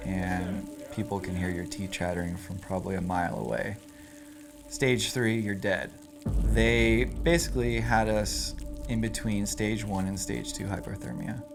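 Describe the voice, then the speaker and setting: A man casually recounting a hard training experience, loose and relaxed, full of fillers as he talks. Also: lowish voice, a little slow. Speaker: interviewee recalling a training event. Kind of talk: casual storytelling. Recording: music playing under the voice.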